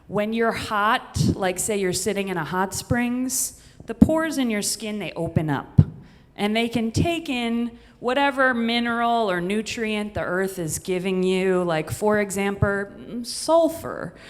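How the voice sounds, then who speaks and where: A woman's voice: mid-range voice, measured pace. A woman from the Midwest telling a comedic story on stage, chatty and self-deprecating, with rambling asides. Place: stage in a venue with an audience. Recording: long hall reverb.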